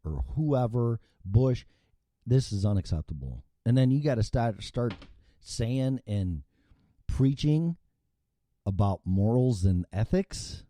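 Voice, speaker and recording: A man's voice: mid-range voice, very animated, takes it slowly, dark tone, no echo, studio quality. A middle-aged American man hosting a show, ranting with profanity and heavy sarcasm. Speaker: show host. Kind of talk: solo political rant.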